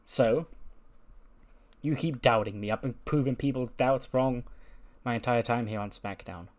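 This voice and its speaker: A man's voice: medium pitch, measured pace, close to an everyday voice. A man voicing a determined female wrestling challenger who delivers a heated, earnest promo. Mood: defiant.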